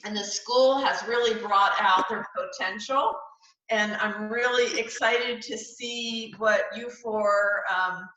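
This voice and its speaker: Casting: unhurried woman with a bright tone, dull and echoey call audio. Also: medium pitch. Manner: slow, heartfelt, with fillers. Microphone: video call.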